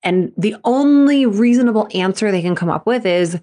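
A woman's voice: medium pitch, animated, moderate pace, few pauses, dark tone. A woman hosting a solo podcast as a mental performance coach, talking in a fired-up, emphatic and earnest way.

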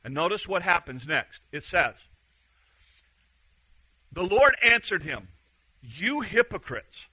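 A man preaching a sermon, animated and acting out the quotes he reads, swinging between loud and hushed. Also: high voice, slow pace, pauses often, slightly rough, no echo, rough recording.

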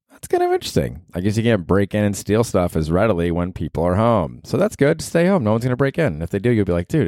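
A man's voice: low-pitched, darkish tone, no room sound, clean studio sound. A man in his forties, a comedian hosting a podcast, rambling casually with plenty of profanity and "like". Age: 40s. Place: bedroom at night.

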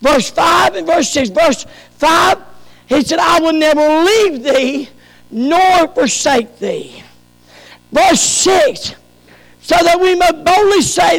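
A man preaching a sermon as pastor, rising to shouted peaks and dropping to soft, low passages. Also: expressive, takes it slowly, gravelly, in a large hall, poor audio.

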